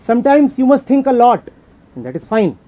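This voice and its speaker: A man's voice: extremely high pitch, sing-song, fairly quick. A man from India with an Indian accent, a spiritual teacher answering a question at a talk, emphatic and repeating key words. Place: talk venue indoors. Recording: dull audio with faint noise.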